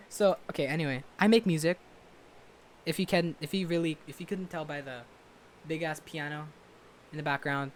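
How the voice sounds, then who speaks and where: Young man, high-pitched, loud and rambling, self-mocking bedroom vlogger talking to a laptop camera. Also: normal speed, long pauses, a little hiss or hum. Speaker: vlogger and musician. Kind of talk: casual chat to camera. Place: bedroom at home. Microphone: webcam or laptop camera.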